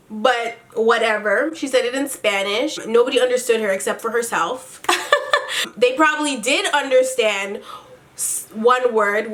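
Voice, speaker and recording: A woman's voice: fairly high pitch, bright, forceful tone. A woman vlogger recapping a reality show in casual commentary, sassy and blunt with lots of swearing, doing her makeup as she talks.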